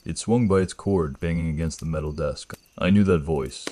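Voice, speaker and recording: Guy with a really deep husky voice reading a creepy story, slow and grave. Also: warm tone. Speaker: narrator. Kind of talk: first-person horror story narration.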